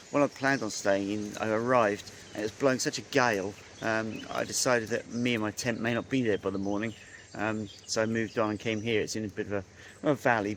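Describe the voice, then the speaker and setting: This motorcycle traveller from England has a voice on the low side yet fairly bright. He chats loosely over a video call from a tree-shaded campsite, filling gaps with ums and uhs, while insects and faint rural noise hum in the background.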